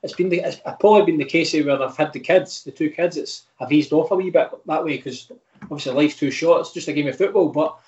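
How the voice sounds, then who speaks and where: A Scottish footballer in his thirties chats frankly as a podcast guest, rambling and restarting often. His voice is on the high side and a little mellow, and he talks fairly quickly. The recording is reverberant with the highs cut off.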